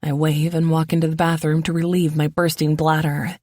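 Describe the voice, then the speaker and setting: A woman narrating a first-person romance audiobook in an even, low-key reading voice. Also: a little fast, no echo.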